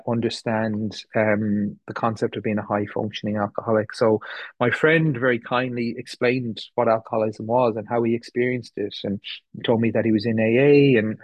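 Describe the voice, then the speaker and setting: A man's voice: lowish voice, dry recording, muffled recording. A man in his thirties from the west of Ireland, speaking with an Irish accent, shares his recovery story at a meeting in a candid, rambling way. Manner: candid, rambling, many fillers and restarts. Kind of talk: personal testimony talk. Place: meeting room.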